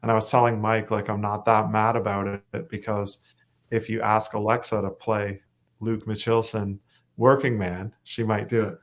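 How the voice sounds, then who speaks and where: A young man from Canada, a singer-songwriter chatting as a guest, relaxed and hesitant with lots of fillers. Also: on the low side, normal speed. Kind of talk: casual interview chat.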